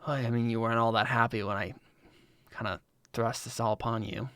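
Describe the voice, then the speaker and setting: An impassive male god of chickens, played by a man in a tabletop game, speaking softly and flatly even while he dies. His voice is quiet, even and unhurried, recorded close and dry. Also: mid-range voice, clean tone, dry recording, pitched below the performer's own voice, natural voice. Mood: calm.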